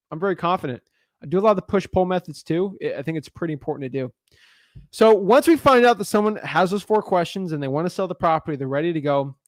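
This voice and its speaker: A man's voice: on the high side, no room sound, clean studio sound. A young adult man coaching on real estate wholesaling in a live video, speaking with a confident, emphatic manner. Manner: confident, emphatic, pushy delivery.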